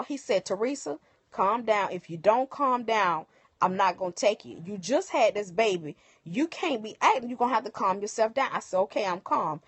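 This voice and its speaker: A woman telling viewers a personal story in casual, animated speech, acting out the other people's lines. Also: medium pitch, dry recording. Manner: emotional, animated retelling with quoted dialogue. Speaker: livestream host. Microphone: phone.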